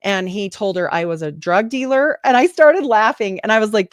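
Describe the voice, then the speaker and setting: A woman's voice: medium pitch, normal speed, no echo, studio quality. A woman talking casually in an interview, telling a long story animatedly and acting out what people said. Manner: animated, quotes people in lively voices. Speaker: podcast host, guest.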